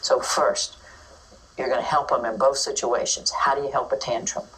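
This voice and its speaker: Brief: deep-voiced woman educator, chatty talk recorded from across the room. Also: moderate pace, far from the mic, rough recording. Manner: lively, acts out children's and teachers' voices. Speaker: early childhood educator giving a talk. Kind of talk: informal teaching talk.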